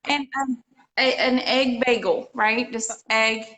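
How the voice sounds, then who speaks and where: A woman's voice: fairly high pitch, steady tone, takes it slowly, a bit bright. A woman co-hosting a live DIY show, chatting casually and laughing easily. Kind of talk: casual chat.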